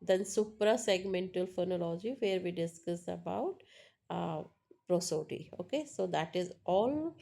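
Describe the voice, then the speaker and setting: Slow-speaking woman teaching a lesson. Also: lowish voice, animated, vocal fry, dark tone. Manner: slow and repetitive, explaining with many pauses and fillers. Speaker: English teacher. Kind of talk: classroom lecture.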